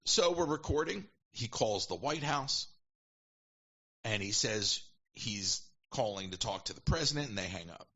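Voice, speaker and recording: A man casually telling a long story as a podcast guest, animated and quick to quote people in put-on voices. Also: lowish voice, lo-fi sound. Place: at home.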